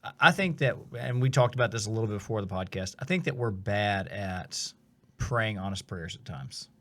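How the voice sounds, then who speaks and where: A man's voice: fairly low pitch, lively intonation, normal speed, sharp tone. Earnest man, reflective. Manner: earnest, reflective, frequent restarts. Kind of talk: casual faith discussion.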